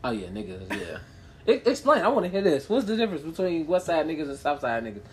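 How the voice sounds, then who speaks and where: A woman's voice: very animated, fast, a little mellow, a little hiss or hum. A young woman from Chicago in casual podcast chat, teasing her co-host and swearing freely. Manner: teasing, swearing, swooping from low mutters to high bursts.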